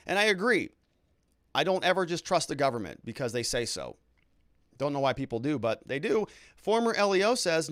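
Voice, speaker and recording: A man's voice: fairly high pitch, a bit bright, no room sound. Chatty male livestream host, dry close mic. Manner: chatty, reads viewer comments aloud and reacts with quick asides. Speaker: lawyer host reading live chat comments. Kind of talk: casual livestream commentary.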